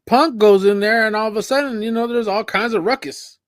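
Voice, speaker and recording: A laid-back man co-hosting a wrestling podcast, his voice sitting fairly high. The sound is dry and close, and he keeps filling his talk with "you know what I'm saying.". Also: brisk, dry recording. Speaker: podcast co-host. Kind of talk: casual wrestling podcast chat.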